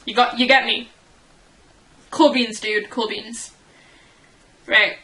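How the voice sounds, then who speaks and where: A woman's voice: on the high side, fairly even intonation, slow pace, pushed and bright, rough recording. A young woman vlogging casually as a fan, rambling and giggling at herself. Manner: giggly, rambling, self-deprecating. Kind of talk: casual chat.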